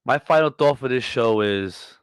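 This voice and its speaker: Male podcast host, profane comic rant, mid-pitched voice, dry close sound. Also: measured pace, clear, resonant tone, dry recording. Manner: profane, mock-scolding tirade that flips between shouting and muttering. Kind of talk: comedic rant.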